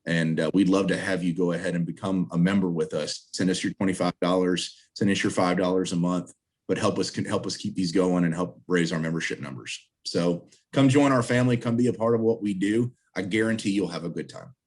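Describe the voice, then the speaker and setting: A man's voice: sits low, fairly quick, a little mellow. A man, president of a trail association, speaking earnestly and upbeat as a guest in a video-call interview, appealing for volunteers.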